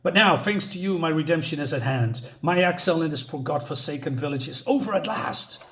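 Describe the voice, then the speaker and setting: A man's voice: a little high, lively intonation, a little fast, a bit bright. A man reading aloud the lines of a scheming male fire demon disguised as a village elder, in a gloating, theatrical way. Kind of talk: reading comic dialogue aloud.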